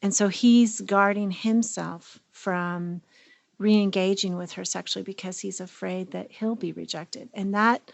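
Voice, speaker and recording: A woman's voice: medium pitch, steady tone, unhurried, creaky, no echo. A middle-aged woman co-hosting a therapy podcast, talking reflectively and with emotion. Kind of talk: casual conversational podcast.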